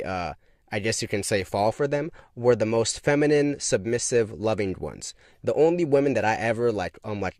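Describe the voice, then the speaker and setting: Man, fairly low voice, emphatic casual rant with rhetorical questions, dry recording. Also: a little mellow, dry recording. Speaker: online commentator. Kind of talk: casual monologue.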